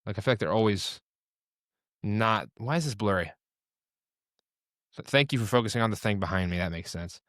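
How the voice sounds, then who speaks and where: A man's voice: fairly low pitch, lively intonation, moderate pace, pauses often, fairly bright tone, no room sound, clean studio sound. A young man co-hosting a casual chat over a video call, talking in a loose, rambling way and breaking off mid-sentence. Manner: casual, rambling, self-interrupting. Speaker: co-host.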